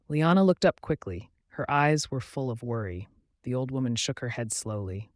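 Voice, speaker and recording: A man tells a scripted story in an expressive, dramatic way. His voice rises and falls lively at a middle pitch. The recording is dry and close. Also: moderate pace, no room sound. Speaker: narrator.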